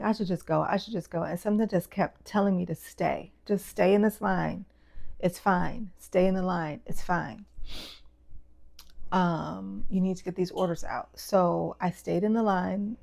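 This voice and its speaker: A woman's voice: on the low side, creaky, a little mellow. Heartfelt young woman telling a personal story. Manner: casual, heartfelt, many fillers like "like" and "um". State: tearing up. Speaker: fashion brand owner.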